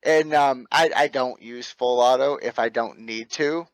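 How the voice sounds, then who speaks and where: A man's voice: mid-range voice, measured pace, no echo, poor audio. A middle-aged man, an airsoft field owner, telling stories in casual chat, laid-back and swearing freely with laughs. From North Carolina.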